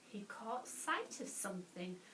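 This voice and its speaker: Animated woman reading a bedtime story. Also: mid-range voice, a little slow, far from the mic, a little hiss or hum. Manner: animated, with gasps and asides. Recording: echoey room, voice off-mic.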